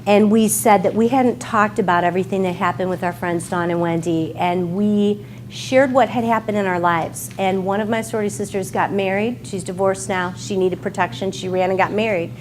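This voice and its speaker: A woman's voice: mid-range voice, steady tone, moderate pace, hardly any pauses, a little hiss or hum. Heartfelt woman author speaking at a bookstore. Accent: American Midwest. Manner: emotional, heartfelt, near tears at times. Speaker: author giving a talk. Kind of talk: emotional speech at a book signing. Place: bookstore event room with an audience.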